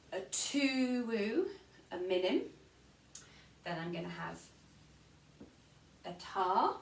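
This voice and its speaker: A woman's voice: medium pitch, recorded from a distance, slight background noise. A woman with an English accent teaching an online music lesson to children, counting beats aloud and singing short rhymes. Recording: echoey room, voice off-mic.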